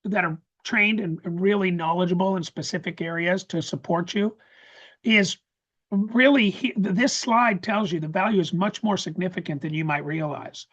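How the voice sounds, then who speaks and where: A man presenting a live webinar, talking excitedly with many restarts and stammers over a video call. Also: high voice, moderate pace, muffled recording. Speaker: course presenter. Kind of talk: casual live webinar talk.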